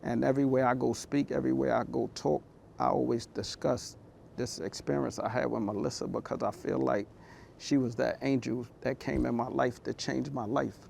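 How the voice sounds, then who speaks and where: Male motivational speaker, heavy vocal fry, mid-pitched; candid and heartfelt, talks like he's chatting. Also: fairly even intonation, normal speed, darkish tone, slight background noise. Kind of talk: personal storytelling talk.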